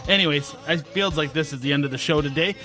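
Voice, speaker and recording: A man's voice: fairly high pitch, fast, loud music behind the voice. A man hosting a podcast, chatting loosely and laughing easily. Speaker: podcast host. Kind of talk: casual chat.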